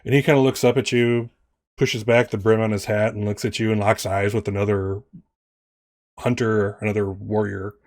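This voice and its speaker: A man's voice: lowish voice, little pitch movement, normal speed, dry recording, studio quality. A man narrating as game master, rambling and correcting himself as he describes scenes.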